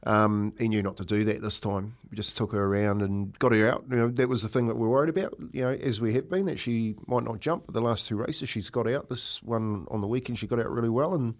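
A man's voice: on the low side, brisk, hardly any pauses. A New Zealand man chatting casually on radio, telling a long story with lots of fillers and restarts. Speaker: racehorse owner and regular.

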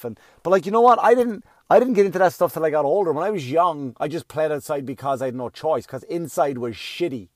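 A man's voice: fairly high pitch, no room sound, studio quality. A middle-aged man doing a profane, ranting stand-up comedy set, acting out little voices as he goes.

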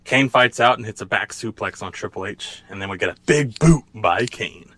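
A man co-hosting a casual podcast, recapping the action with quick play-by-play and frequent laughs. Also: lowish voice, a bit bright. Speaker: podcast co-host. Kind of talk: casual chat, recapping a wrestling event.

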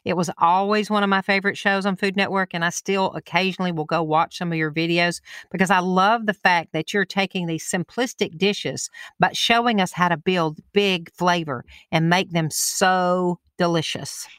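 Smooth, low-voiced woman interviewer. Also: steady tone, moderate pace, hardly any pauses, no echo, clean studio sound. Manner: warmly enthusiastic, admiring questions. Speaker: interviewer host. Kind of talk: interview conversation.

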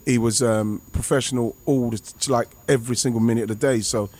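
Excitable rambling man. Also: medium pitch, fast talker. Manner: rambling, excitable, many restarts and fillers. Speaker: former footballer guest. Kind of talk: casual anecdote on a podcast.

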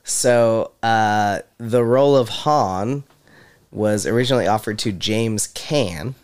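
A man with a low, smooth, resonant voice, talking casually as a podcast co-host. He shares movie trivia in a relaxed way, chuckling often. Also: takes it slowly. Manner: chatty, trivia-sharing, laughs often. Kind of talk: casual chat.

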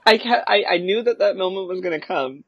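A podcast co-host in casual roundtable chat, excitable and animated, laughing often as they tell stories. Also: medium pitch, a little fast, dry recording, muffled recording.

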